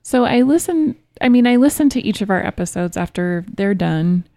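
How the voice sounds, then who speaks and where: A woman's voice: mid-range voice, lively intonation, normal speed, warm tone, no echo. A woman co-hosting a casual podcast, talking with a slight lisp. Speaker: podcast co-host. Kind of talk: casual chat.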